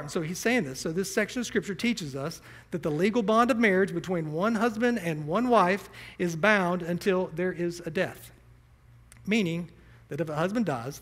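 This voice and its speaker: A man's voice: high-pitched, fairly bright tone. A male pastor preaching a sermon, building emphasis and asking the congregation rhetorical questions.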